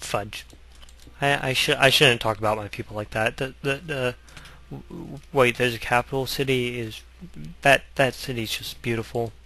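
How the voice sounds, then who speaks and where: A man's voice: medium pitch, vocal fry, sharp tone. A young man rambling through gameplay commentary, goofy and sarcastic, wandering off on joking tangents. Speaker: gaming channel host.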